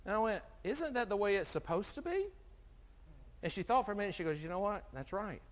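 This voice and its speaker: A middle-aged man giving an animated health talk to an audience, asking them questions and acting out conversations. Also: high-pitched, fairly quick. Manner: animated, asks the audience questions, acts out dialogue. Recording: long hall reverb from a live talk.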